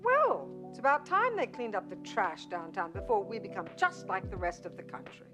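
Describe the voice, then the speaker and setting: An actress playing an opinionated townswoman with a lively tone. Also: mid-range voice, normal speed, music in the background.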